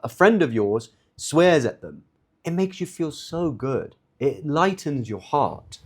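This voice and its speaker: A man's voice: medium pitch, a little mellow. A man giving an informal religious lecture, speaking conversationally, often repeating and restarting words as he talks straight to his listeners.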